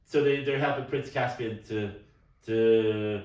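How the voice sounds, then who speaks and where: A man's voice: lowish voice, steady tone, measured pace, darkish tone. A middle-aged man co-hosting a podcast in casual chat, rambling and stumbling over repeated words, with a cough now and then. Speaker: podcast co-host. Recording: roomy, distant mic.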